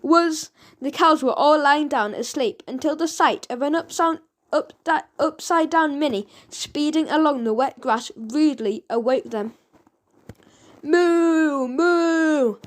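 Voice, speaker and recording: A woman reading a children's audiobook aloud, lively and expressive. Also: high-pitched, normal speed. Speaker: audiobook narrator.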